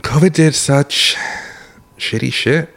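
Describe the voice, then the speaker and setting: A man's voice: a little high, slow, creaky, a bit bright. A man co-hosting a podcast, chatting casually and telling rambling stories, often correcting himself and laughing. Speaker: podcast co-host; works in the medical field. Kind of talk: casual chat.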